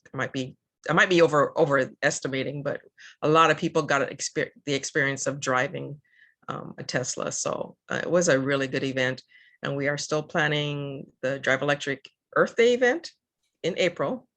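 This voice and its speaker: A woman's voice: extremely low pitch, fairly bright tone. An older woman from Southern California, a guest in a casual interview, talking earnestly with many fillers and restarts. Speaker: guest, EV advocate.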